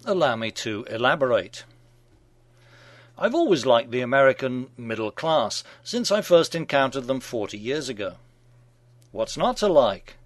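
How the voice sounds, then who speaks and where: A man's voice: medium pitch, big pitch swings, normal speed, dry recording. A middle-aged man hosting a radio show, reading scripted satirical commentary in a wry, mock-genial manner.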